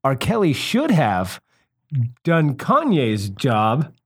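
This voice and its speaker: A man's voice: mid-range voice, wildly swooping pitch, takes it slowly, husky. A man co-hosting a comedy podcast, talking in a wry, sarcastic way and laughing often. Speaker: podcast co-host. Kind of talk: casual comedic chat.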